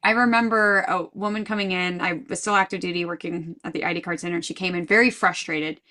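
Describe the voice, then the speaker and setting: A woman's voice: fairly low pitch, steady tone, fast, pushed and bright. A woman guest in a podcast interview, speaking earnestly and thoughtfully, often restarting her sentences. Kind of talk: casual interview chat.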